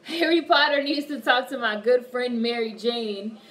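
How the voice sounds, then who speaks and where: A woman's voice: a little high, normal speed, a bit bright. A woman hosting a casual livestream, reading viewer comments aloud and answering them with plenty of swearing. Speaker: livestream host. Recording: distant mic with faint background noise.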